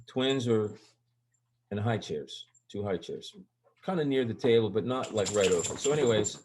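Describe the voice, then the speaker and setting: A man's voice: fairly low pitch, expressive, moderate pace, a little mellow, slight background noise. An older man, a guest on an interview show, telling stories in a casual, rambling way. His voice jumps up when he acts out quoted lines. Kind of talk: casual storytelling.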